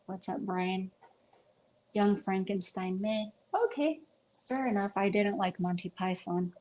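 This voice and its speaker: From home among her pets, a woman hosts a casual livestream, chatting about movies in a mid-range, steady, slightly mellow voice. She talks a little slowly and rambles, with many ums.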